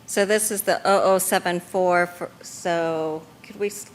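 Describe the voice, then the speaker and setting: Lowish woman chairing a meeting. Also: fairly even intonation, a little slow, slight background noise.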